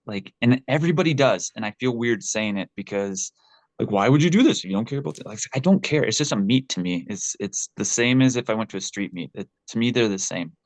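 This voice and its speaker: A man's voice: on the low side, no echo. A man speaking candidly and with feeling as an interview guest, a former pole vaulter who swears freely and often restarts his sentences. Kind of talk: casual interview conversation.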